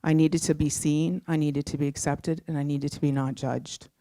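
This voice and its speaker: A woman's voice: low voice, normal speed, no room sound, studio quality. Heartfelt middle-aged woman telling a story. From Canada. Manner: heartfelt, swings from animated to hushed. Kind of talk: personal storytelling.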